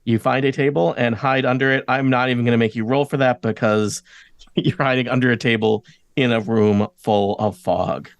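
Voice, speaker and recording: A man narrating as game master in a relaxed, chuckling, loosely improvised way. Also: medium pitch, moderate pace, creaky, no room sound.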